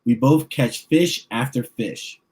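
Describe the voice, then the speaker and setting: A man's voice: medium pitch, slow, a little mellow. A children's book author reading his picture book aloud, narrating expressively in the first person.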